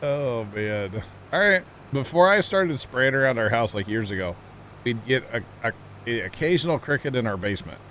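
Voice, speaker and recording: A man's voice: medium pitch, expressive, moderate pace, fairly bright tone, slight background noise. A man chatting casually with his viewers while streaming a game, talkative and self-teasing, laughing often.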